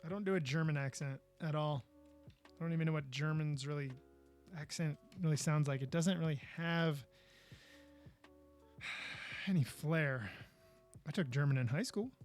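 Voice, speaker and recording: A man's voice: a little high, moderate pace, long pauses, soft background music. A man hosting a live podcast, chatting casually and goofily while he builds, with frustrated outbursts. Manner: goofy, chatty, exclaims in frustration. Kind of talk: casual live-stream chat.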